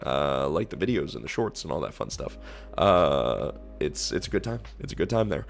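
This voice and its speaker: A man streaming, giving excited reaction commentary with loud gushing outbursts. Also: rumbling low, moderate pace, gravelly.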